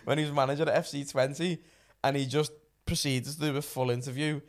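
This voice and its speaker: A man co-hosting a podcast in casual chat, telling stories with deadpan banter. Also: fairly high pitch, fairly quick. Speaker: podcast co-host.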